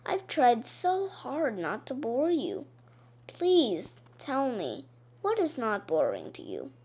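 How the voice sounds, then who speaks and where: Woman reading as gentle storybook librarian, soft, quiet and slow, lively pitch. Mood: hurt. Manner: soft and wounded. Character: sweet, sensitive woman school librarian.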